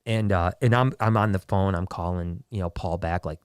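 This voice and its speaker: A man's voice: low voice, normal speed, clear, resonant tone, no echo. Man telling a story on a podcast, dry close mic. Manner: animated storyteller with frequent restarts, acting out quoted voices. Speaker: podcast host. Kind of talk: casual storytelling.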